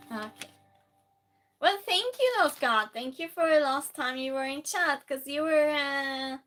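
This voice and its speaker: A woman with a high, bright, sharp voice chats to her live-stream viewers from a home room, talking slowly and unhurriedly. She reads out their comments, laughs easily and now and then yells out a cheerful greeting. Faint music plays behind her. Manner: chatty and warm with viewers, often laughing, bursts of yelling greetings.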